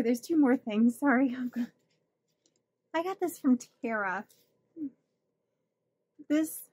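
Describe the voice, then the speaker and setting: A woman's voice: medium pitch, breathy edge, no room sound. A woman hosting a budgeting channel, chatting casually and gushing as she opens her mail, laughing often. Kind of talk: casual chat opening mail.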